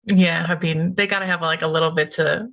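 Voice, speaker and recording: A woman's voice: low-pitched, fairly even intonation, brisk, fairly bright tone, highs cut off. A woman talking as a podcast guest in casual chat, enthusiastic and full of fillers. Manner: chatty and enthusiastic, many fillers.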